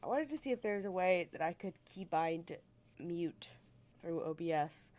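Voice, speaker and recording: A woman's voice: on the low side, animated, moderate pace, darkish tone. A woman game streamer with a stuffy, congested nose from a sinus infection, chatting casually and profanely with her viewers on a desk mic at home.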